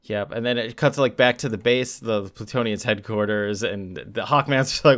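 A man's voice: lowish voice, moderate pace, hardly any pauses, a bit bright. A man co-hosting a podcast, retelling a comic's plot in a laid-back storytelling way and laughing often. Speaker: podcast co-host. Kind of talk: casual comic book recap chat.

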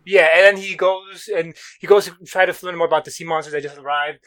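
A man recapping a comic in casual chat, excitable, swearing freely and acting out characters' lines. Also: on the high side, quick pace, crowd noise. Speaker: podcast co-host recapping a comic.

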